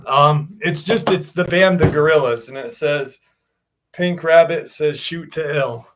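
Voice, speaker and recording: A man's voice: on the high side, slow, slight background noise. A man hosting a live stream, chatting casually and greeting viewers one by one in a laid-back way.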